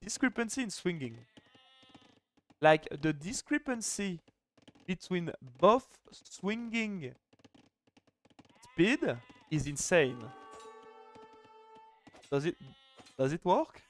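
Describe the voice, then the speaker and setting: A man's voice: high voice, very animated, slow, long pauses, soft background music. A young man casting a live strategy game final, chatty and joking, with lots of "like" fillers. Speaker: esports caster.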